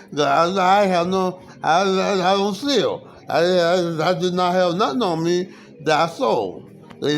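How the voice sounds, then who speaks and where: Telling his version of events at length, a man speaks in a noticeably high-pitched voice. The account is rambling and halting, full of fillers, frequent restarts and repeated phrases.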